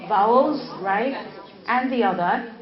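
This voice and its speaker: A woman's voice: on the high side, takes it slowly, a crowd in the background. A woman in her fifties from China, lecturing as a university English teacher, repeating key words and checking in with her students. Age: 50s. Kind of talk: classroom lecture. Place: classroom. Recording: echoey lo-fi classroom recording.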